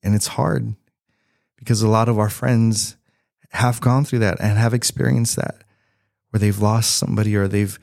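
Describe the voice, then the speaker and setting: A man in his thirties sharing a personal testimony as a pastor, earnest and unhurried, with soft laughs. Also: lowish voice, vocal fry, no room sound, studio quality. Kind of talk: sermon-style testimony.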